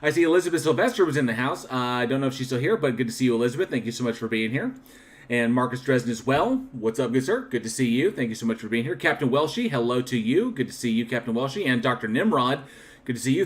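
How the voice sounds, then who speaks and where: A man hosting a livestream, chatting casually and thanking viewers one by one, with frequent restarts and a candid, reflective manner. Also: mid-range voice. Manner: reflective and candid about his channel. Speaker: livestream host. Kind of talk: casual live-chat shoutouts.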